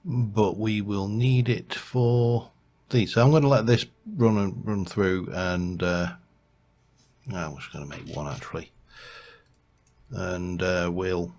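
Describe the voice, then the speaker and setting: Low, unhurried gaming narrator. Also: male voice, darkish tone, slightly rough. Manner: rambling, thinks aloud, hums to himself while building. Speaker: let's play host. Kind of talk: gameplay commentary.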